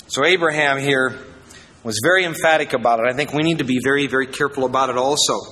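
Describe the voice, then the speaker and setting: A pastor from Iowa preaching a sermon, reading verses and adding jokey asides, swinging between loud and quiet. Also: male voice, medium pitch, quick pace, big-room sound, poor audio.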